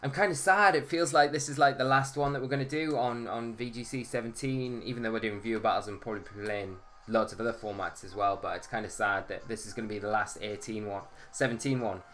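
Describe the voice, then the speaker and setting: A man's voice: fairly low pitch, steady tone, quick pace, few pauses, fairly bright tone. A man hosting a casual live stream, chatting and greeting viewers by name.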